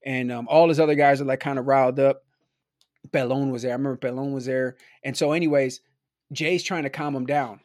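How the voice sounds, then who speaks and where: A man's voice: medium pitch, fairly even intonation, brisk, darkish tone, no room sound, studio quality. A man from Milwaukee telling a story in a loose, rambling way, filling his talk with "like" and "right?". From Milwaukee, USA. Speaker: podcast guest. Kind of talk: casual storytelling.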